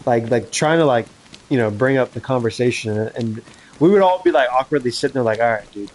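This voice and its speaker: A man's voice: mid-range voice, brisk, a little mellow, poor audio. A young man chatting casually with a friend while gaming, rambling with many fillers, laughing and swearing. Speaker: gamer. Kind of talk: casual chat over voice chat.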